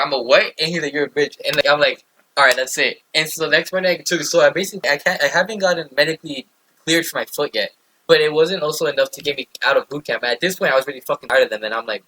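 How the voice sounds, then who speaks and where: A man's voice: a little high, fast talker, bright, forceful tone, no room sound, low-quality recording. A young man, a podcast host, casually telling a rambling story with lots of fillers and swearing.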